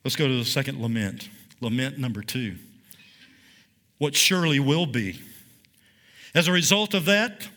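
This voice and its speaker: Bright-voiced man preaching emphatically. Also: on the high side. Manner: emphatic, rises and slows for dramatic repeated phrases; asks the audience questions. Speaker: preacher teaching a Bible study. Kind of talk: sermon-style Bible teaching.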